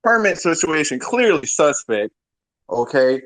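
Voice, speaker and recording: A man's voice: fairly high pitch, big pitch swings, unhurried, fairly bright tone, poor audio. A man calling in to a live audio room, casually laying out his suspicions in a rambling way. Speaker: caller. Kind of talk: casual call-in comment.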